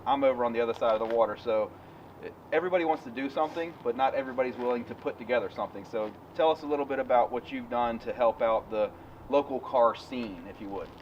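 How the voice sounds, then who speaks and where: A man with a Virginian accent hosting a casual outdoor interview, talking quickly. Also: medium pitch. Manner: quick, brief affirmations. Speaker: interviewer, host. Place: outdoors at a car show. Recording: distant mic, dull sound, faint noise.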